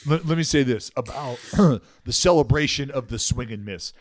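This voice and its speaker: A man's voice: medium pitch, lively intonation, moderate pace. A man co-hosting a podcast, teasing and joking in casual chat. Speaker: podcast co-host.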